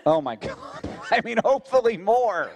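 Animated high-voiced American man, podcast host. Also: normal speed. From Florida, USA. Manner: animated, laughing, jumps high in pitch when joking. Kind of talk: live podcast chat on stage. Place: stage at a convention before an audience.

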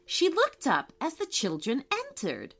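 A woman reading a children's story aloud as narrator, telling it with lively expression. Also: high voice, a little slow, soft background music.

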